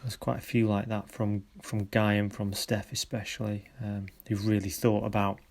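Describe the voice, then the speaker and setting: A man with a fairly low voice talks through students' photographs as a workshop leader. He is encouraging and warm in his praise. He stops often to search for the right word. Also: level tone, creaky. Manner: encouraging, halting with many pauses. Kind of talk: recorded feedback on students' photos.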